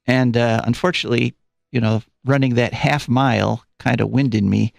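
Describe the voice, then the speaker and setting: This radio host has a gravelly, mid-range voice with fairly even intonation and a moderate pace, recorded without echo on a studio mic in a radio studio. Hosting a live call-in show, he rambles chattily with fillers and is a bit out of breath.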